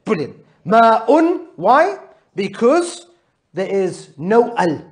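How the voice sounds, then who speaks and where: A man with a high-pitched, sing-song voice teaches a live Arabic grammar class extremely slowly. He patiently quizzes his students with repeated questions, mixing English with Arabic terms.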